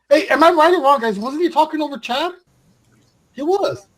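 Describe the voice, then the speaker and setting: A man's voice: very high-pitched, expressive, normal speed, heavy background noise. A man hosting a rowdy web talk show who teases his guests and tries to keep order. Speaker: host. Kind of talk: casual chat hosting.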